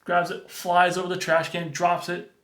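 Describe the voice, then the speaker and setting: A man's voice: high voice, moderate pace. Man telling a story casually. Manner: relaxed, conversational, many "like"s. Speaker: storyteller, energy-work reader. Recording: roomy echo.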